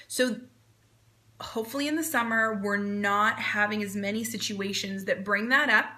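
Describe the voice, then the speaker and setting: A woman in her thirties, a performance coach, giving calm, encouraging advice on a live video talk. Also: mid-range voice.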